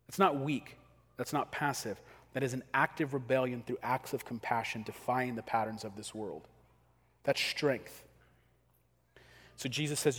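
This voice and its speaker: A man preaching a sermon as pastor, talking casually and acting out quick everyday scenes. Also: mid-range voice, fairly bright tone, husky. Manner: conversational, acts out quick scenes. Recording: long hall reverb.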